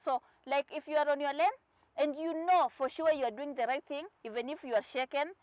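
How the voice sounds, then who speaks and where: A young Kenyan woman chats to her viewers in a bright, slightly raised voice, mixing English with Swahili and acting out the people in her stories. The sound is dry and close, with no room around it, and a little muffled. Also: high voice, a little fast, no room sound. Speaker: vlogger. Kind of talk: casual storytelling to camera.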